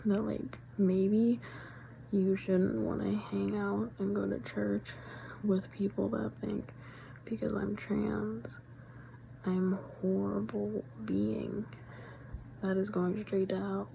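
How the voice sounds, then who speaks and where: Young woman, vlogger, gravelly fry, mellow dark tone, rambling, slips into whispers. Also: mid-range voice, level tone, slow pace, slight background noise, low-quality recording. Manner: rambling with many fillers, often dropping to a whisper. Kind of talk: casual rambling chat.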